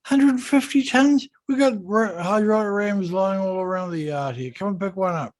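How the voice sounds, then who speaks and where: Guy doing a broad scottish engineer, gruff, higher and louder, brushing it all off like nothing. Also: close to an everyday voice. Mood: offhand. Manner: brisk, unfazed, dismissive of the problem. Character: gruff middle-aged male Scottish hydraulics engineer.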